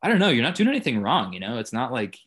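A man's voice: medium pitch, very animated, very fast, a bit bright, husky. Laid-back young man, casual chat. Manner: laid-back, swearing, mock-enthusiastic bursts. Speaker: podcast guest.

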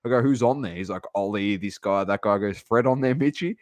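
Excitable man, low voice. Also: a little fast, no echo, studio quality. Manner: excitable, laughs often, rattles off scores. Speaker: podcast co-host. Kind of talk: casual sports chat.

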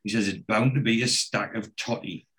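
A man hosting a casual podcast, retelling a TV episode scene by scene and quoting the characters' lines, with a steady "he says" between quotes. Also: lowish voice, moderate pace. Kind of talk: casual chat recapping a TV episode.

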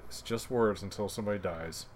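A man's voice: on the low side, brisk, darkish tone. A man hosting a casual podcast, joking and teasing his co-host. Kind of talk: casual chat.

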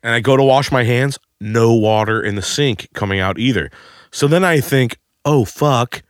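A man co-hosting a podcast tells a crude comedic story with plenty of swearing. He jumps into loud, high bursts whenever he quotes someone. His medium-pitched voice is recorded dry, with no room sound. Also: moderate pace, clear, resonant tone, no echo. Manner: crude, animated, shouts quoted lines.

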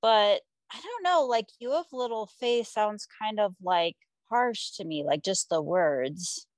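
A woman's voice: mid-range voice, lively intonation, a little slow, dry recording. A woman in a study group, speaking casually and tentatively, with frequent "like". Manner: tentative, says like often. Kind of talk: casual discussion.

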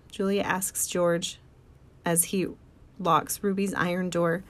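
A woman's voice: fairly low pitch, little pitch movement, slow, a bit bright. Woman reading a story aloud. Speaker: audiobook narrator. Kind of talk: first-person story narration.

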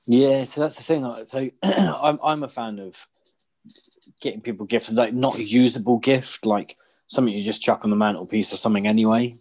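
A man's voice: mid-range voice, normal speed, darkish tone, breathy edge. A man, chatting casually on a podcast, rambling and swearing with lots of restarts. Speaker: podcast co-host. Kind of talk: casual chat.

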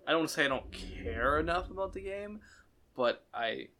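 A man's voice: fairly high pitch, lively intonation, moderate pace, sharp tone. A man co-hosting a casual gaming chat, laid-back and swearing freely. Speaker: co-host.

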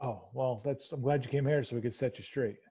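A man's voice: mid-range voice, fairly quick, dark tone, breathy edge. A man co-hosting a podcast in casual chat, sarcastic and given to profane rants. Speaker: podcast co-host.

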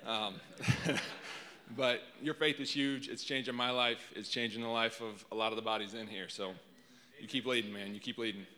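A man's voice: lowish voice, fairly even intonation, moderate pace. A man, preaching as a guest speaker into a handheld mic, tearful and self-deprecating, rambling as he speaks. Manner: emotional, rambling, self-deprecating, warm to crowd. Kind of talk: sermon opening. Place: church sanctuary before a congregation. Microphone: handheld microphone. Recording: reverberant church hall.

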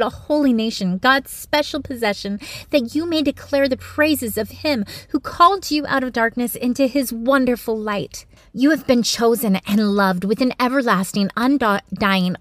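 A woman giving a Christian devotional message with gentle, earnest encouragement, speaking close to the mic. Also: on the high side, no echo. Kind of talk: devotional teaching.

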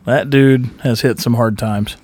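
A man's voice: mid-range voice, steady tone, a little slow, a little mellow, breathy edge, dry recording. A man in a casual chat, trading wry jokes. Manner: wry, joking banter.

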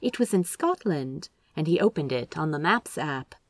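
A woman narrating a story with an expressive, measured reading. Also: sits low, dry recording. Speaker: audiobook narrator.

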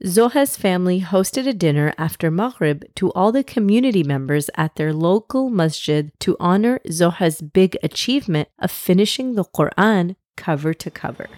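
A woman's voice: lowish voice, expressive, normal speed, hardly any pauses, dry recording. Brief: friendly storyteller woman, kids' podcast, close dry recording. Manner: warm, upbeat, addresses kids directly. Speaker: podcast host and narrator. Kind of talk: children's story narration.

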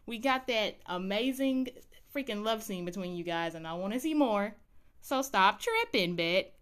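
Animated woman recapping a show for viewers; smooth, resonant tone. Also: mid-range voice, normal speed. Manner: animated, chatty storytelling. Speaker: TV recap vlogger. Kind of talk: casual episode recap.

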